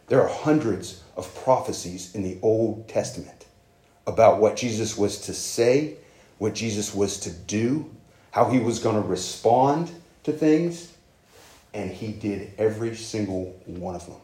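A man's voice: fairly low pitch, warm tone, echoey room. A man preaching a sermon as pastor, earnest and conversational, with emphatic rises.

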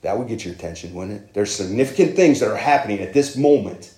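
A man's voice: lowish voice, lively intonation, quick pace, mellow, reverberant. A man preaching a sermon as pastor, earnest and conversational, with emphatic rises.

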